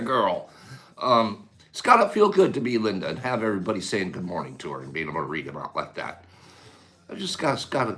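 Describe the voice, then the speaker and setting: A man hosting a casual morning livestream, animated, calling out viewers by name and playfully scolding them. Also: fairly low pitch. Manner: animated, calls out viewers' names. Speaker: livestream host.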